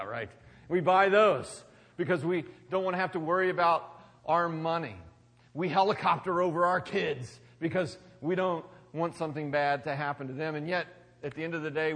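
A somewhat high-voiced man preaches to a congregation in a casual, conversational way. He rises to loud emphatic bursts, then drops to hushed, quiet phrases. His voice rings with the long reverb of a large hall. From United States. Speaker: pastor. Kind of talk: sermon.

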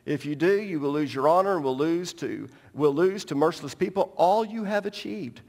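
High-pitched guy preaching hard in a big echoey church, jokey and emphatic. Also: normal speed. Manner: emphatic, animated preaching with joking asides. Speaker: pastor. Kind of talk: sermon. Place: large church sanctuary. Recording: long reverb of a large hall.

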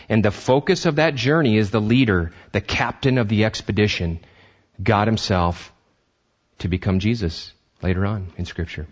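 A man preaching a sermon as pastor, animated, acting out voices and often restarting his sentences. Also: fairly low pitch, normal speed, slightly rough, highs cut off.

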